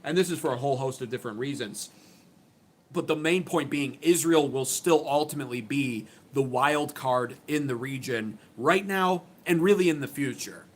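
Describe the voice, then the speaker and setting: A man's voice: medium pitch, normal speed. A man hosting his own channel, giving opinionated political commentary in an emphatic, sarcastic way, often restarting his sentences. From United States.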